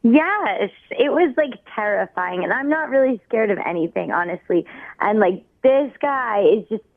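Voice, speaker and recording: A woman's voice: fairly high pitch, animated, normal speed, dry recording. A woman on the phone with a radio show, speaking hesitantly with many fillers. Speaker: caller on phone. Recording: tinny phone line.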